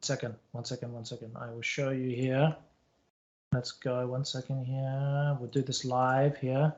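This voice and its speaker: A Canadian-accented conference speaker finishes his talk and fields questions over a video call, upbeat and chatty, frequently repeating words. His medium-pitched, darkish voice is a little slow with little pitch movement, and the call audio is dull and lo-fi.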